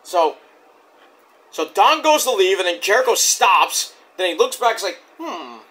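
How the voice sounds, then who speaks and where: A man with a high, lively voice recaps a wrestling show in a loose, profane play-by-play. His tone is bright and sharp, and he rambles and restarts often as he retells each segment. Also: normal speed. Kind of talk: casual recap review.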